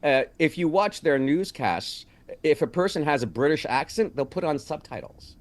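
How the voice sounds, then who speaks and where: Guest actor, male, from Canada; lively pitch, chatty storyteller. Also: normal speed. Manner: storytelling, animated. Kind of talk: casual interview chat.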